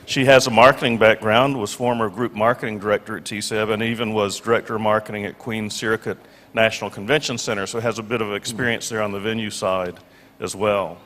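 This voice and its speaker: Through the echoey PA of a large conference hall, a man moderates a panel, full of fillers and restarts. His voice is fairly low and fairly bright, fairly even in intonation, and he talks fairly quickly.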